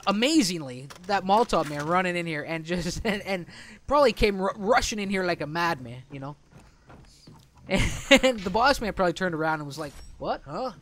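A man's voice: high-pitched, fairly bright tone. A man commenting on his own gameplay in a chatty, joking way, laughing often. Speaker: let's play host.

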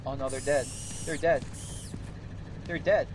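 A man gaming with friends in voice chat, laughing, yelling and cursing. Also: medium pitch, steady tone, measured pace, background noise. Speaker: gamer. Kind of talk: casual gaming banter.

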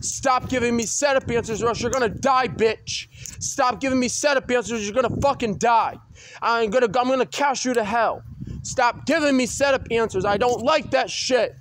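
Man, strikingly high pitch, solo rant, swearing, repetitive, loud outbursts. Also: moderate pace, a little hiss or hum.

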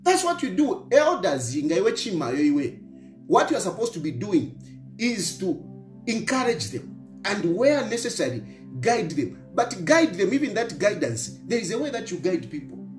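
Animated Zambian man lecturing in an echoey room. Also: high voice, moderate pace. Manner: lecturing, repeats phrases, mixes local words into English. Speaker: opposition politician. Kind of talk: scolding commentary monologue. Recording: roomy echo with faint music.

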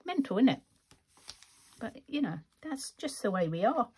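A woman's voice: a little high, very animated, normal speed, breathy edge. A woman chatting casually through a craft tutorial, rambling and laughing often as she works. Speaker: craft vlogger.

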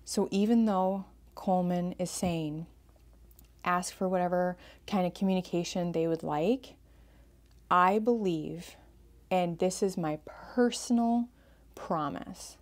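A woman's voice: lowish voice, slow pace. A woman hosting an advice podcast as a family therapist, talking earnestly and repeating phrases for emphasis.

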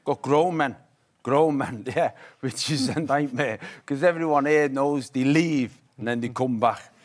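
A man's voice: mid-range voice, measured pace. A man with a Liverpool accent, a comedian guest on a chat show, telling rambling comic anecdotes that stop and restart. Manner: rambling comic storytelling, self-interrupting.

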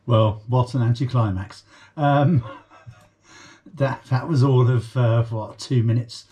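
A man's voice: mid-range voice, steady tone, slow, warm tone. A man hosting a YouTube reaction video in casual chat. He talks hesitantly and offhandedly, with lots of ums and uhs.

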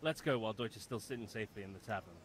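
A man's voice: fairly low pitch, very fast, lightly acted. An actor playing an eager young medieval village man in a video game.

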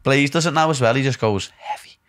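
A man's voice: medium pitch, quick pace, fairly bright tone, a little hiss or hum. Give me a man with a Scouse accent, playful and slangy, hosting a casual podcast chat. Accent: Liverpool Scouse. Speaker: podcast host.

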